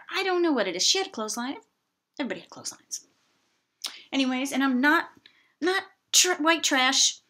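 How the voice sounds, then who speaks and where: Woman, middle-aged, bright and forceful voice, fairly high, chatty exasperated rant. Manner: chatty, exasperated, self-mocking asides. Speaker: vlogger. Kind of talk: casual rant to camera.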